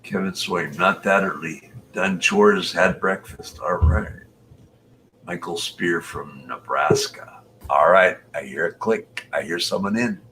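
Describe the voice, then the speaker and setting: A man's voice: deep voice, takes it slowly, bright, forceful tone, slight background noise. A man hosting a casual live stream, chatting with callers and reading viewer comments aloud.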